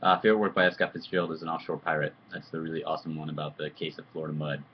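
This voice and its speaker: A man's voice: extremely low pitch, flat delivery, racing, dull audio, a little hiss or hum. A man chatting casually on a live video stream, answering fan questions in a loose, joking, rambling way. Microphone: computer webcam mic.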